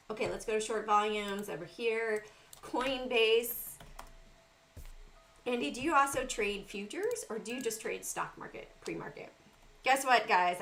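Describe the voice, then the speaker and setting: A woman's voice: on the high side, a little slow, a bit bright. A middle-aged woman with a Southern US accent hosting a casual trading livestream, talking through charts and greeting chat viewers by name.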